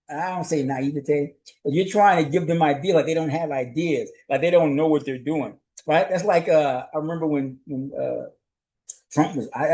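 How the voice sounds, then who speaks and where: A male journalist hosts his own show, talking through a solo commentary recap. His voice sits a little high for a man. He talks in a loose, rhetorical way, keeps checking in with "right?", and chuckles as he goes. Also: a little mellow, rough recording. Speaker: host and journalist.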